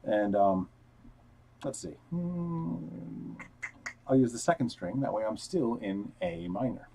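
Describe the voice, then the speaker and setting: A man speaks slowly in a creaky mid-range voice with lively intonation, with background noise present. He's teaching guitar technique in a casual livestream, explaining steps and counting notes aloud while playing, using headphones and a wired mic over guitar playing.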